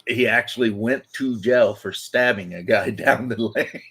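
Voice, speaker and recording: A man's voice: mid-range voice, moderate pace, a bit bright, slightly rough. Rambling, laughing man in casual chat. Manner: rambling, laughs often, loose fillers. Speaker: podcast host.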